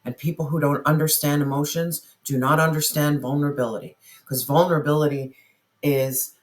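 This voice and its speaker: Speaking briskly in a mid-range voice with fairly even intonation, this tarot reader addresses viewers with an earnest reading. Phrases come back again and again, and spirit questions are voiced aloud while the cards are drawn.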